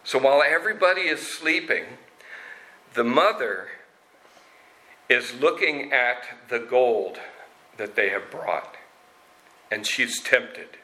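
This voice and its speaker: A man retelling a story expressively, slow and dramatic, acting out the parts. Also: medium pitch, expressive, pushed and bright, low-quality recording.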